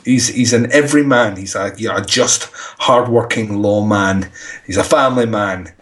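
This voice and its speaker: A man's voice: lowish voice, moderate pace, fairly bright tone. A man chatting casually as a guest on a film podcast, laughing often and joking at his own expense.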